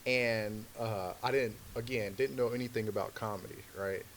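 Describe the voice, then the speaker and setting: A man's voice: on the low side, fairly even intonation, normal speed, slight background noise. A man, a comedian guest on a podcast, telling a story in loose, slangy talk full of filler words. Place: podcast studio.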